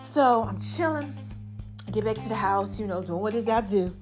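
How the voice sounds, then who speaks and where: A woman hosting her own podcast in a lively, preachy, slangy way, a little out of breath as she talks. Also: medium pitch, fairly quick, over music. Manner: lively, preachy, slangy, calls herself Mama. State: slightly out of breath. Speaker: podcast host. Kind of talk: casual inspirational monologue.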